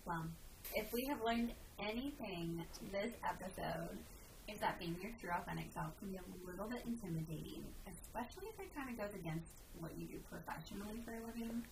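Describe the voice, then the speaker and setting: A woman's voice: medium pitch, animated, a little fast. A woman hosting a casual podcast as a wedding professional, chatty as she wraps up the episode. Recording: distant mic with clear background noise.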